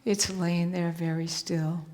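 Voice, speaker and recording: A woman telling a story in a soft, hushed voice that often drops to a whisper, with a repeating, rhythmic cadence. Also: lowish voice, flat delivery, takes it slowly, long reverb tail. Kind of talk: slow spoken-word storytelling.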